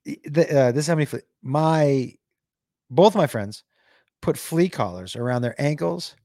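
A man with a somewhat high voice tells a story to his live chat, stopping and restarting often and leaning on fillers. The sound is dry and close, with no room echo. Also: animated, warm tone. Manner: halting, full of restarts and fillers. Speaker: livestream host.

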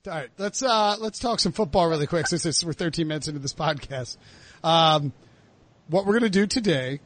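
A man hosting a podcast, telling a story in casual chat and acting out the shouted lines. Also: fairly high pitch, fairly quick, no room sound. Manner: animated storyteller, acts out shouted quotes. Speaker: podcast host.

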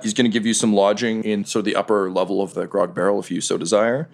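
A man running a tabletop role-playing game, narrating scenes in a lively way with frequent fillers. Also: lowish voice, fast, gravelly. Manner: lively storytelling with laughs and filler words. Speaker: game master.

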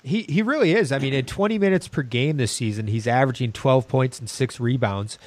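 A man co-hosting a fantasy basketball podcast, analytical with halting restarts. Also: medium pitch, no echo. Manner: hesitant restarts, then analytical. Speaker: podcast co-host. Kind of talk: casual fantasy sports chat.

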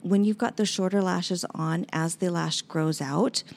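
A woman's voice: lowish voice, a little slow, vocal fry. A middle-aged woman who works as a lash artist, chatting casually and animatedly about her work. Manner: chatty, animated, acts out clients' voices. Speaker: lash artist and salon owner. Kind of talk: casual chat.

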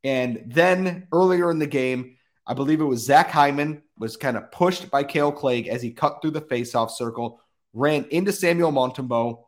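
A man's voice: mid-range voice, normal speed. A man hosting a casual sports podcast with a cold, reading ad spots and ranting in an exasperated way. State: has a cold. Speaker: podcast host. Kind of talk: casual sports podcast chat and read ads.

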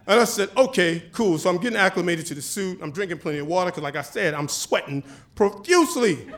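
High-voiced man telling a lively story. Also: fast talker. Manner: animated, acts out dialogue with voices; casual, chatty with swearing. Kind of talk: live personal storytelling.

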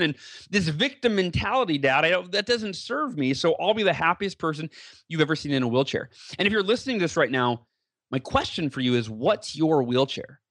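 A man telling a personal story as a podcast guest, earnest and animated, with many fillers and restarts. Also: sits high, fairly quick, no echo. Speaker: guest speaker.

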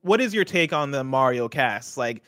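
A young man co-hosting a casual talk show, eager and excitable, asking quick questions. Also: mid-range voice, dry recording, studio quality. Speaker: podcast co-host. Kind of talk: casual chat.

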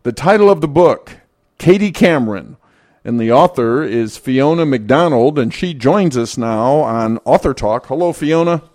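Male radio host, measured interviewer, mid-pitched voice. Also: animated, darkish tone. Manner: measured, reads from notes.

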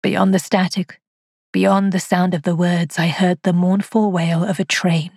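A woman narrating as an aging, haunted spinster, telling her story in a quiet, hushed first-person voice. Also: fairly low pitch, flat delivery, measured pace, gravelly, husky, no room sound, studio quality, exaggerated voice. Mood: uneasy.

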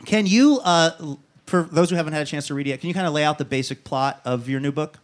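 A man hosting a talk show, telling a comic story in a lively way and acting out what people said. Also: a little high, fast. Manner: animated storyteller who acts out quotes. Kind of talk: comic monologue and interview.

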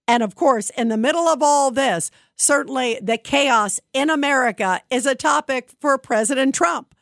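A woman's voice: high voice, fairly bright tone, no echo, clean studio sound. A woman hosting a talk radio show, delivering an opinionated monologue in an emphatic, indignant way with rhetorical questions.

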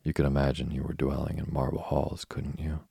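A man voicing a chatty, imaginative orphan girl in a storybook reading, in his own very deep, gravelly voice. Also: completely flat delivery, a little fast, mellow, dry recording, clean studio sound, heavily acted. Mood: eager. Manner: eager nonstop chatter.

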